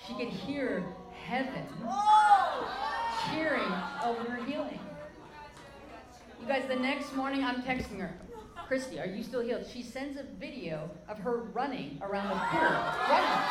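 A woman's voice: a little high, moderate pace, reverberant, heavy background noise. A woman preaching a sermon, telling an emotional testimony story and calling out to the crowd as "guys".

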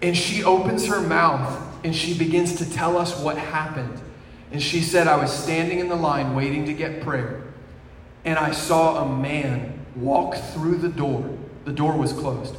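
A young man preaching a testimony sermon, telling his story, swinging from hushed to shouting. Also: on the high side, measured pace. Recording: echoey hall from far off with faint noise.

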